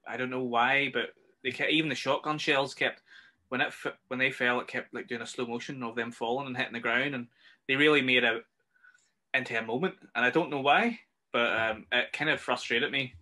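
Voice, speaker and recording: A man's voice: mid-range voice, fairly even intonation, fairly quick, sharp tone. A man with a Northern Irish accent co-hosting a casual film review chat, ranting and swearing freely. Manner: ranting, swears freely, acts out scenes in raised voices. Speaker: podcast co-host.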